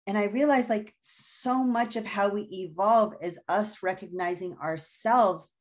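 A woman's voice: medium pitch, measured pace. A woman, a guest author, speaking in an earnest, reflective way as she tells personal stories in a conversational interview.

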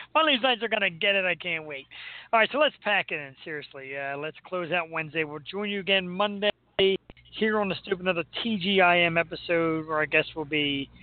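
A man's voice: sits high, fairly quick, no echo. A man hosting a podcast in casual chat, joking and laughing often. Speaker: podcast host. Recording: tinny phone-like sound.

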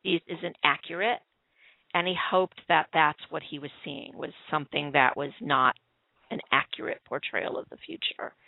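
Gravelly woman on a tinny phone line. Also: sits low, moderate pace, no room sound. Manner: talkative, running on in long explanations. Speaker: panelist on a call-in TV show. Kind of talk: casual chat and reading her own written review aloud. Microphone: phone call-in.

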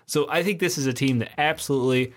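A man's voice: mid-range voice, fast. A man co-hosting a casual basketball podcast, opinionated and emphatic, swearing freely as he argues his points. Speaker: podcast co-host.

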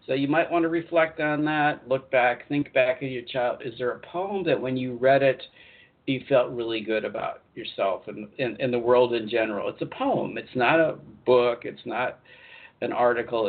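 A man working as a spiritual life coach, hosting a live online talk show in a chatty, repetitive way with lively emphasis. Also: mid-range voice, vocal fry, narrow, tinny audio.

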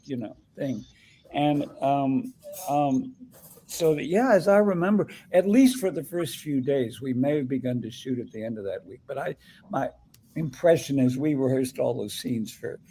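In a conversational interview, an older male actor appearing as a guest recounts a story haltingly, rambling and restarting often. He has a medium-pitched, mellow voice. The rough recording carries a little hiss or hum.

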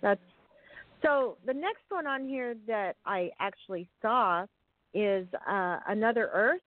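A woman's voice: mid-range voice, lively intonation, takes it slowly, no echo. A woman hosting a casual chat about films, chatty and often searching for words. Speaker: podcast host. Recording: tinny phone-like sound.

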